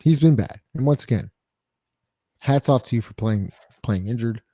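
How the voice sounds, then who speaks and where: A man's voice: medium pitch, expressive, normal speed, dark tone, no echo, clean studio sound. A man co-hosting a sports podcast in casual talk, blunt and exasperated, laughing easily. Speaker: podcast co-host.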